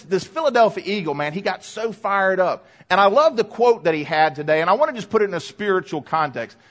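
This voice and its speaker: A man preaching a sermon in a church, emphatic, swinging from quiet asides to loud, fired-up lines. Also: high-pitched. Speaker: pastor.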